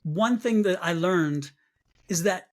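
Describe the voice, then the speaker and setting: A man with a notably high speaking voice shares a personal spiritual story as an interview guest. He acts out his own past reactions with animation. He restarts often, repeating words as he goes. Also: slow. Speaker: psychic medium guest.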